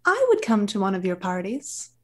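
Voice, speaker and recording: A woman's voice: mid-range voice, very animated, normal speed. A woman playing her character in a tabletop role-play, playful and teasing. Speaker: player.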